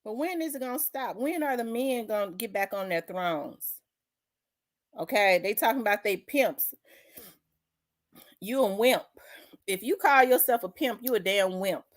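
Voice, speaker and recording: A woman from South Memphis, Tennessee, hosts an opinion vlog in a blunt, profane, fired-up rant, her Memphis accent clear. Her mid-range voice is unhurried and she pauses often.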